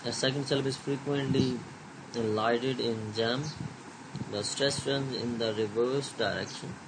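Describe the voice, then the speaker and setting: A man giving a recorded slide lecture, reading haltingly with many fillers and switching into Hindi to explain. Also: medium pitch, fairly even intonation, very noisy.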